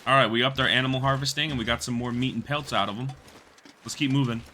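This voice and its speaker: Dude streaming a game, cussing and joking with chat, game noise humming under him. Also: male voice, mid-range voice, steady tone, quick pace, bright, forceful tone. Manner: loose, profane, laughing banter with chat. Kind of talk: casual gaming livestream chat.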